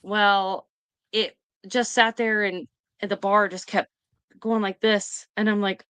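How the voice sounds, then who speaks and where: A woman hosts a chat and retells what happened in a quick, rambling, excited rush. Her voice is mid-pitched and recorded dry and close, with no room sound around it. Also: clear, resonant tone, dry recording. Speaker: host. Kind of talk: casual storytelling chat.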